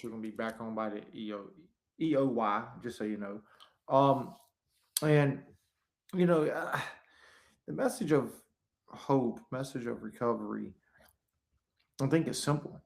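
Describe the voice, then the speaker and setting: A man's voice: mid-range voice, creaky. A man hosting a live stream, talking in a rambling, preachy way with many fillers and restarts. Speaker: host. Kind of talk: casual live-stream talk.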